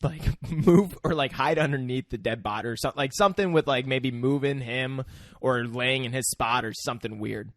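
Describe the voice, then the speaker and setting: A man's voice: medium pitch, normal speed, a bit bright, no room sound, clean studio sound. A man co-hosting a podcast, casually chiming in with comments and short agreements. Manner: laid-back, chiming in with short replies. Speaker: podcast co-host. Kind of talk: casual chat.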